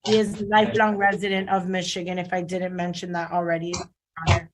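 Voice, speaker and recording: A woman's voice: on the low side, flat delivery, fast, noisy background. A woman defense attorney makes her case over a video call. She speaks formally, leaning on fillers and respectful address to the bench. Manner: formal, repeats "Your Honor", fillers. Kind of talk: courtroom argument on video call.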